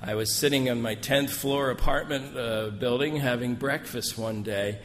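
Folksy male preacher with a mid-range voice, relaxed sermon storytelling, recorded in a hall with long reverb. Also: mid-range voice, moderate pace. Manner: folksy, joking storyteller, many asides. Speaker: missionary speaker. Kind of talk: sermon with personal stories. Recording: long hall reverb, faint room noise.

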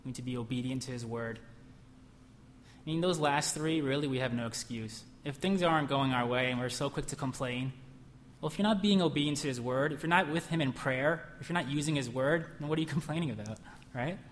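A man's voice: medium pitch, quick pace, a little hiss or hum. A man preaching a sermon in a church, emphatic, asking the room questions and acting out whispered lies. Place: church hall. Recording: long hall reverb.

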